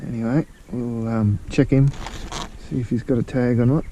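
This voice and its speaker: A man's voice: mid-range voice, steady tone, moderate pace, warm tone, a little hiss or hum. A man with an Australian accent chatting casually to viewers while fishing from a kayak, recorded on an action camera. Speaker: fishing vlogger. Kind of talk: casual outdoor vlog. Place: on a kayak outdoors on the water.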